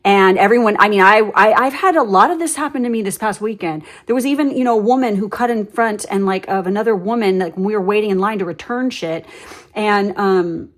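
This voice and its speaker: A woman's voice: medium pitch, fairly quick. Ranting, foul-mouthed woman tarot reader. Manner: blunt, ranting, swears freely; animated storyteller with many fillers. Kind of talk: casual tarot reading monologue.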